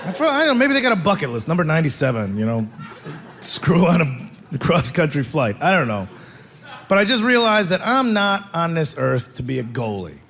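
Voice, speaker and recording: Gravelly stand-up comic telling a story. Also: male voice, a little high, very animated, brisk, a bit bright, a faint crowd. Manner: rambling, self-mocking anecdotes. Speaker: stand-up comedian.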